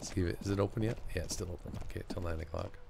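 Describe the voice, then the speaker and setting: Against a noisy background, a man with a deep, creaky, steady voice speaks rapid-fire while streaming his playthrough. He chats casually to himself, reading choices out and dropping wry asides.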